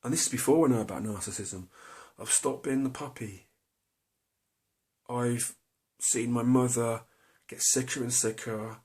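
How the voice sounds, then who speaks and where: A man's voice: medium pitch, a little slow, pauses often, a little mellow. A middle-aged man tells a personal story to camera, hesitant and confessional, full of fillers and restarts. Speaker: vlogger.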